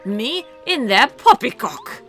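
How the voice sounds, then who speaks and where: A woman voicing a pompous, old-fashioned gentleman explorer who blusters and calls everyone old boy. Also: a little high, sing-song, takes it slowly, faint music behind, heavily acted.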